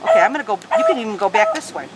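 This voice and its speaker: Rapid-fire and fairly high, this woman's voice swings hugely in pitch as she teaches origami at home over heavy background noise. She still walks through each fold patiently, step by step, and talks to her dogs in between.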